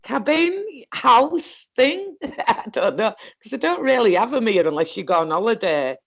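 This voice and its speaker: A woman's voice: a little high, sing-song, a little slow, gravelly. A woman with a Northern English accent telling a story in casual chat, rambling along and laughing often. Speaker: co-host.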